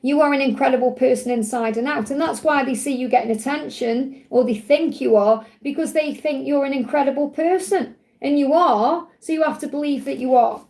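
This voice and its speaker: Croaky-voiced woman reading tarot live. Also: high-pitched, fairly quick, a little mellow. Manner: soothing, reassuring, repeats key phrases. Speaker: tarot reader.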